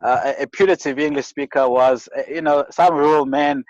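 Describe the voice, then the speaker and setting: Earnest South African man, slightly high voice. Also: steady tone, brisk, a little mellow, no echo, highs cut off. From rural KwaZulu-Natal, South Africa. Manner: earnest, many restarts and repeated words. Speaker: guest. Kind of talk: reflective interview storytelling.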